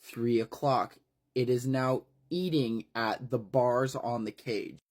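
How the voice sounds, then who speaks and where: Casual book retelling narrator, wry, conversational, fillers, middle pitch. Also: fairly even intonation, slow pace, a little mellow.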